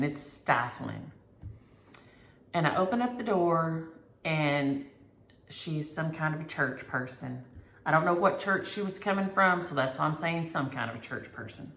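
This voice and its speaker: Woman, vlog host, lowish voice, animated storyteller, echoey room. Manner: animated, exasperated storytelling with Southern turns of phrase. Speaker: flosstube host.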